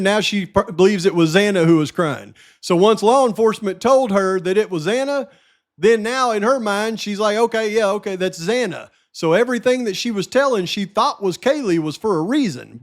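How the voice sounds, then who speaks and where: A man hosting a true-crime channel, talking straight to his viewers in emphatic casual commentary and repeating his points. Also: sits high.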